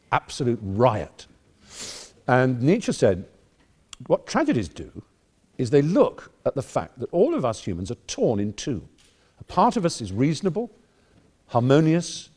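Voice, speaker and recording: A man's voice: lowish voice, mellow. A man in his fifties with an English accent, giving an erudite, wry, digressive speech to a debating society audience. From England. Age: 50s. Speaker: guest speaker.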